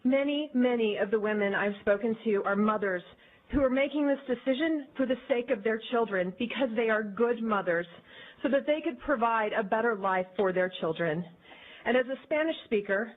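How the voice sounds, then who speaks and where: Woman giving earnest formal testimony. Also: on the high side. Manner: earnest, measured, prepared statement. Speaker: advocacy group director testifying. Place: legislative committee hearing room. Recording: tinny, phone-like archive audio.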